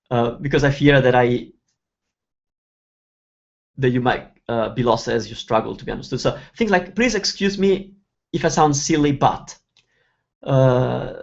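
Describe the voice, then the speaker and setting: Guy teaching over a webinar, kinda gravelly, muffled lo-fi sound, chatty explaining. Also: a little high. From Italy. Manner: chatty, explains words one by one with examples. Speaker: Italian teacher hosting a webinar. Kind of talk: live online Q&A lesson.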